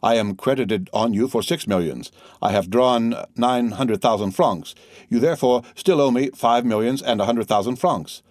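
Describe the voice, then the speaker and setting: A man voicing a suave, wealthy nobleman in an audiobook reading, speaking in a polished, gently mocking way. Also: mid-range voice, no echo, studio quality, close to an everyday voice. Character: suave wealthy nobleman count, ironic and poised.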